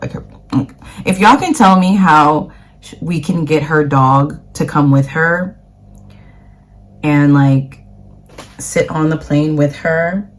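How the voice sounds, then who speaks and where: A woman's voice: deep voice, takes it slowly, long pauses. A woman from the United States, a vlogger chatting casually to camera in a rambling way with plenty of fillers.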